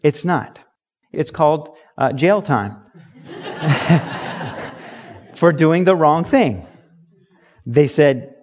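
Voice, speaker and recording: A man preaching with a fairly high-pitched voice. He talks emphatically, mixes in jokes and briefly acts out other people's voices to make his point. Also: slow pace, a little mellow. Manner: emphatic, jokey, slips into mock voices. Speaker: pastor. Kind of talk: sermon.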